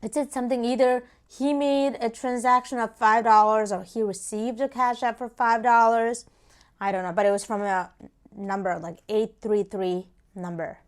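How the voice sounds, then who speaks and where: Young woman, casual vlog chat, slightly high voice, animated storytelling. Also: moderate pace. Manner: chatty, animated retelling with quoted voices. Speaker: food vlogger. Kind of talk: casual storytelling while eating.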